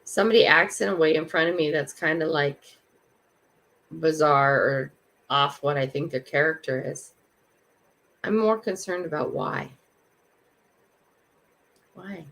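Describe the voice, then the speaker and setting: Gravelly older woman hosting a chatty livestream. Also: deep voice, moderate pace, long pauses, a bit bright. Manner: chatty, reflective, greets viewers by name. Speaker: livestream host. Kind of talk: casual live chat.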